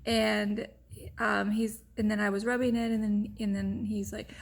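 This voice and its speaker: Gravelly-voiced woman telling a personal story. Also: mid-range voice, level tone, a little slow. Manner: open, rambling, heavy use of "like" and "you know". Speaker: vlogger. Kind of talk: candid personal storytelling to camera.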